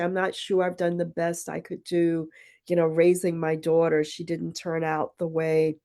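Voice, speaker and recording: A woman with a fairly low, gravelly, slightly mellow voice appears as a podcast guest. A poet and retreat founder, she reflects thoughtfully through personal anecdotes, voicing the quoted speech.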